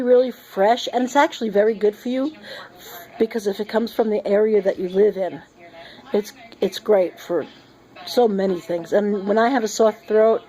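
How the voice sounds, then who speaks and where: A woman's voice: mid-range voice, warm tone, poor audio. A middle-aged woman, sick and short of breath, rambling giddily and laughing in a casual monologue at home. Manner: giddy and rambling, laughing often. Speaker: vlogger. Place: sitting at home.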